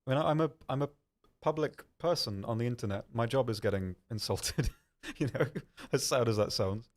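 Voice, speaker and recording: Brisk and mid-range in pitch, a young man's voice carries through a live stream as he casually reads viewers' questions aloud and answers them, with frequent ums and self-deprecating asides as host of the chat.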